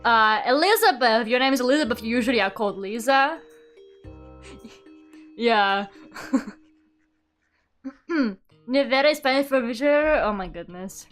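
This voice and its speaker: A woman's voice: a little high, lively intonation, moderate pace, pauses often, fairly bright tone, soft background music. A young woman from Russia, a streamer, reading a book aloud and chatting with her viewers, incredulous, swearing casually and laughing often. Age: young adult. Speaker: VTuber streamer.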